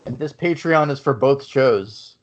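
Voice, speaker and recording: A male podcast host chats casually at a middle pitch, jokey and loose, tripping over and repeating words. The audio is muffled and lo-fi. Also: unhurried. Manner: joking, chatty, stammers and repeats words. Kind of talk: casual chat.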